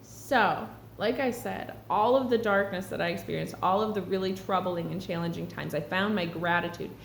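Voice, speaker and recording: A woman's lowish, gravelly voice at normal speed carries her casual spiritual vlog, where she talks to camera earnestly and reflectively. Faint hum and echo from the room are audible.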